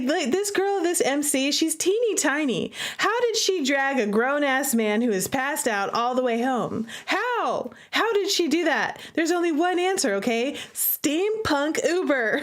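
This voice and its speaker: A woman streaming a game live, talking playfully to her chat and laughing often. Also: high voice.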